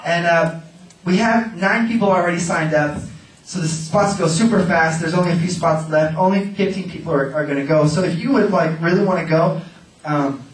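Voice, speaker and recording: A man preaching at a charismatic revival, giddy and laughing, breaking into shouts and nonsense chants. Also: fairly high pitch, moderate pace. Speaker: traveling minister. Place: large hall at a revival event. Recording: echoey hall, voice from far off.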